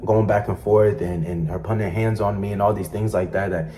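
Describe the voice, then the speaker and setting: A man with a deep, dark-toned voice explains himself to the camera. He rambles and restarts in a halting, reflective way. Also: fairly even intonation. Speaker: content creator responding to allegations.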